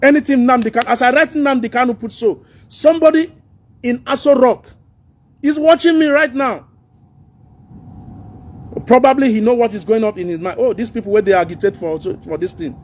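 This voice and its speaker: A man's voice: very high voice, slight background noise. A middle-aged Nigerian man with a Nigerian accent hosting a casual political livestream, earnest and preachy, slipping into pidgin and laughing at his own jokes. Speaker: social media livestream host.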